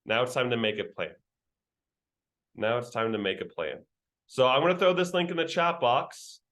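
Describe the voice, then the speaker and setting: A man's voice: medium pitch, normal speed, fairly bright tone. Slangy young man running a training call. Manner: slangy, joking, teasing the trainees. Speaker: sales trainer. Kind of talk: virtual training session.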